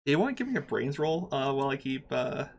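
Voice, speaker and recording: A man running a tabletop game, describing the scene in a loose, rambling way. He laughs easily and keeps the talk casual, his voice sitting at an ordinary middle pitch. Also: sing-song, quick pace, gravelly, slight background noise. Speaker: game master.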